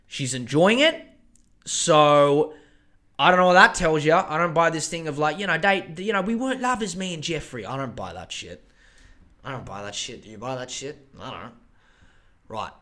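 A podcast host talking on his own in a loose, profane rant with frequent asides. His voice sits high for a man and sounds bright and forward. He jumps from one thought to the next without pausing much. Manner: crude, profane, rambling asides. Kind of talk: casual solo podcast rant.

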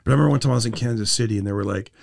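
Fast-talking gravelly man telling stories. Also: mid-range voice, no echo, studio quality. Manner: animated storyteller, acts out quoted voices. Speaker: comedian guest. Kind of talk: casual chat.

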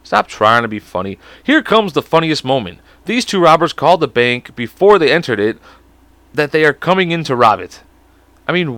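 A man's voice: mid-range voice, a bit bright, dry recording. Rambling, profane American man hosting a podcast. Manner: profane, goofy, drifts off topic, puts on silly voices; stumbles over words while reading. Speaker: podcast host. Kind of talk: rambling comedic podcast monologue.

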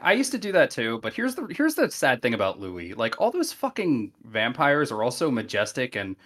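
A podcast co-host in casual chat, telling stories in an animated way, acting out the characters' lines and swearing freely. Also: medium pitch, moderate pace.

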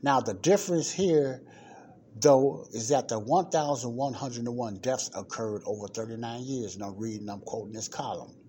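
A man's voice: medium pitch, moderate pace, dark tone, slight background noise. A man hosting a podcast, reading an article aloud in casual commentary and repeating the numbers for emphasis. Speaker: podcast host.

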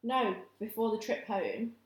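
A woman's voice: fairly high pitch, unhurried. A young woman co-hosting a podcast in casual chat, chiming in with questions and comments. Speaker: podcast co-host. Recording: echoey room.

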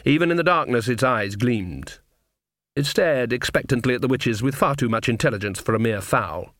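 A man narrating a comic fantasy audiobook in measured scripted narration. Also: mid-range voice, a bit bright, no room sound, studio quality.

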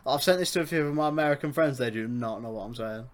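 A young man with a Birmingham accent hosting a casual podcast, talking fast, swearing and laughing with his co-host. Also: mid-range voice. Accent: Birmingham English. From Birmingham, England. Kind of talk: casual chat.

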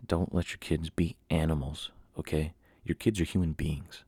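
A young man hosts a solo podcast and tells a rambling, animated story full of mocking asides. His voice is deep and husky with a gravelly edge. It is recorded dry and close, with no room sound. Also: moderate pace, dry recording. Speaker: podcast host. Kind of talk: casual storytelling monologue.

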